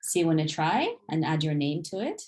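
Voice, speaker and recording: A woman tutoring online, modelling pronunciation slowly and patiently in a one-on-one lesson. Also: deep voice, sing-song, a little mellow. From Jamaica.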